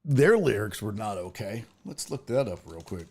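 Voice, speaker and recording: A man's voice: normal speed, breathy edge. A man hosting a casual sports talk livestream, reading viewer comments aloud and joking around. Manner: animated, jokey, swings pitch wildly. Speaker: sports talk show host.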